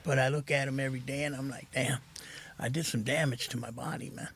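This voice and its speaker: A middle-aged man telling his recovery story as a podcast guest, soft-spoken and halting, saying "man" often. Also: medium pitch, fairly even intonation, a little hiss or hum.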